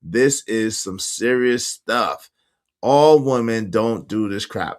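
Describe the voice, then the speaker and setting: This man's voice is lowish and fairly bright, and he takes his time. He's running a laid-back livestream, reading out viewer comments with slang and emphasis and breaking into frequent laughter during the casual chat.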